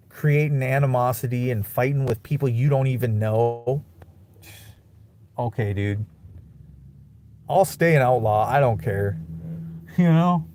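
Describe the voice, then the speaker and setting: Young man, vlogger type, bitter rant with profane flare-ups, mid-pitched voice. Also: mellow, slight background noise. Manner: bitter, profane, swings between mutters and angry outbursts. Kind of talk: casual ranting monologue.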